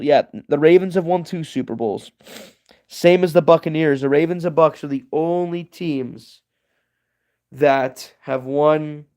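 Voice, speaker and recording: A man's voice: fairly high pitch, mellow. A young man hosting a casual livestream Q&A, rambling and answering chat messages as he goes. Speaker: livestream host.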